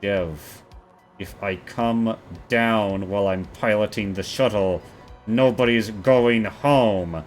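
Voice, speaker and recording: Man voicing a gruff woman pilot, low and clipped, tabletop game. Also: steady tone, moderate pace, soft background music, close to an everyday voice. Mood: curt. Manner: curt, grumbling. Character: gruff blunt female shuttle pilot.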